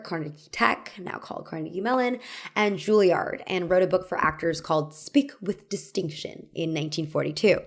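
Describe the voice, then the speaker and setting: A woman's voice: medium pitch, slight background noise. A young woman hosting a scripted video essay, with a wry, conversational delivery and asides that make her laugh.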